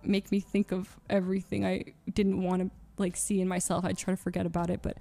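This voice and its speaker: A woman streamer making an emotional confession to her audience. She talks haltingly, restarting phrases and filling gaps with nervous little laughs. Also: lowish voice, level tone, creaky, dark tone, soft background music. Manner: halting and searching, with many restarts and fillers.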